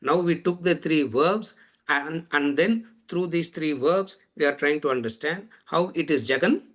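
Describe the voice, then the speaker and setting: A man's voice: a little high, measured pace, fairly bright tone. A man teaching a lecture on scripture, repeating phrases and asking rhetorical questions. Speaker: Vedanta teacher.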